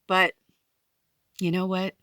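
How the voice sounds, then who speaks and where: A woman's voice: fairly low pitch, monotone, slow, fairly bright tone, no echo. A woman in her late forties talking candidly in a casual vlog, swearing freely and speaking in a heartfelt, encouraging way as a spiritual content creator. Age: 40s. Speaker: spiritual vlogger.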